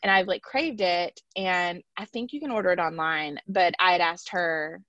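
A woman's voice: fairly low pitch, normal speed, pushed and bright, no echo, muffled recording. A woman hosting a podcast, chatting in a rambling, easygoing way and laughing easily. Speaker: podcast host. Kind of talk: casual chat.

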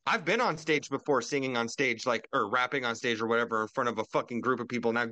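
A young man co-hosts a casual podcast over a video call, ranting and swearing as he goes. His voice is bright and forceful. The sound is dry and close. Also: mid-range voice, quick pace, dry recording. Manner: ranting, profane, swings into loud mocking quotes. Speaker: podcast co-host. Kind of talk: casual conspiracy podcast chat.

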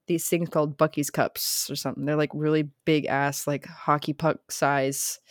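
Young woman podcast cohost, lowish voice, dry close sound, rambles and swears a lot. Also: little pitch movement, normal speed, no echo. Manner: rambling, profane, lots of "like". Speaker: podcast co-host. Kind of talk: casual chat.

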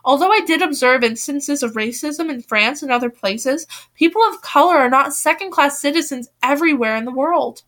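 A woman reading the lines of a poised, worldly young woman from a novel, calm and self-assured. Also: high-pitched, normal speed, hardly any pauses.

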